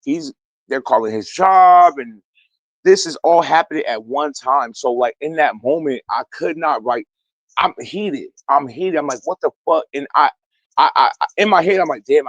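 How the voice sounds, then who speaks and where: A man's voice: fairly high pitch, dry recording, poor audio. A young man calling into an online talk stream from outdoors, speaking in a profane, emphatic and rambling way, defending himself. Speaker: guest. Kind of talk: heated online call-in talk.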